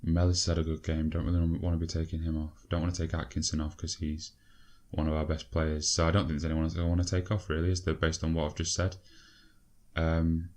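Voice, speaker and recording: A young man commentating on his own football management game, excitable, swearing and urging his players on. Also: rumbling low, fairly quick. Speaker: gaming video creator.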